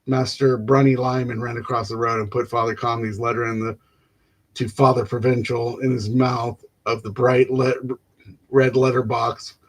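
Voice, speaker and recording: A man reading a classic novel aloud without rehearsal, stumbling and restarting words and filling pauses with "uh". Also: medium pitch. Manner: halting, stumbles and restarts words, fills gaps with "uh". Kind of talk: unrehearsed reading aloud of literary prose.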